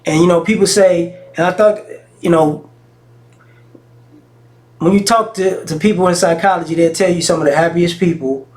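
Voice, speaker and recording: A man's voice: fairly high pitch, steady tone, normal speed, pauses often, a little mellow. A man vlogging in a casual monologue, telling stories frankly in slang and often restarting his sentences. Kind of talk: casual talking-head monologue.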